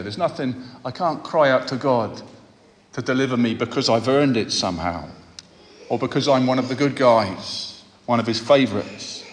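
A man preaching a sermon, speaking in a measured way and repeating phrases for emphasis. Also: mid-range voice, a little hiss or hum. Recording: long hall reverb.

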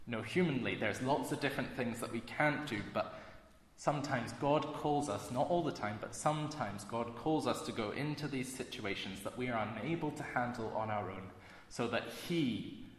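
A man preaching a sermon in an earnest, measured way, slowing down to stress key phrases. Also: medium pitch. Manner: earnest, measured delivery with slow emphatic phrases. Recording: echoey hall with long reverb.

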